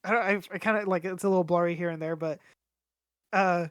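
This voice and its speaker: A young man co-hosting a podcast tells a rambling story packed with swearing and fillers in casual chat. His voice sits high, brisk and fairly even, with a fairly bright, clear, resonant tone, recorded dry with clean studio sound.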